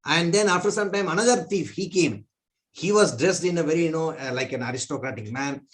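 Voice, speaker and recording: A man teaching a spiritual class, telling a parable in an animated way. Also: brisk. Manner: animated, pitch jumping between voices.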